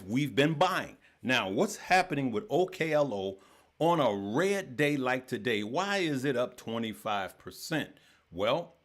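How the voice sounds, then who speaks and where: A man hosting a casual stock market livestream, talking to viewers in an energetic, repetitive way and calling them "good people". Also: mid-range voice.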